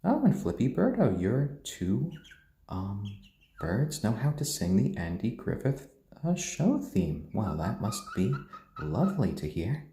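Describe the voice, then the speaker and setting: A man with a mixed British and American accent, chatting gently on a live stream and cooing to his pets. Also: lowish voice, huge pitch swings, measured pace, roomy sound. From born in Tokyo, raised British and American. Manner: gentle, soft-spoken, coos at pets. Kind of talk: casual live-stream chat.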